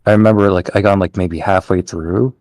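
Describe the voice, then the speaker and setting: A man's voice: sits low, fairly even intonation, a little fast, a little mellow. A man co-hosting a casual gameplay chat, hesitant and full of fillers. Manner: hesitant, filler-heavy, mumbling. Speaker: co-host.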